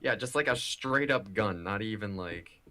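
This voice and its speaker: A man's voice: lowish voice, expressive, normal speed, pushed and bright. A man chatting as a guest on a gaming stream, laid-back with dry jokes. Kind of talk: casual gaming chat.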